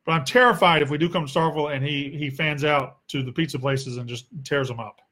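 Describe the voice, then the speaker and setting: Young Southern man, a fairly high voice, blunt and sarcastic, casual Q&A host who swears freely. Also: fairly even intonation, a little fast, pushed and bright. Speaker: sports podcast host. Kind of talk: casual solo Q&A.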